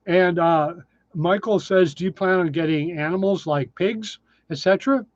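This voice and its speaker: A man's voice: high-pitched, moderate pace, dry recording, highs cut off. Chatty older man hosting a livestream. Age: 60s. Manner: chatty, self-deprecating, answers viewer questions. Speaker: livestream host. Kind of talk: casual live chat reading comments.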